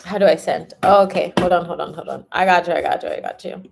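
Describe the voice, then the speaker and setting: A woman's voice: lowish voice, quick pace, gravelly, noisy background. A young woman reading tarot on a livestream in casual chat, laughing often and swearing freely. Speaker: tarot reader.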